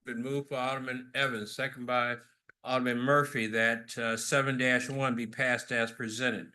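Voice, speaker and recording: A man's voice: medium pitch, level tone, sharp tone. A man chairing a city council meeting as mayor, reading agenda items and calling motions. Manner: reads agenda items, brisk procedural.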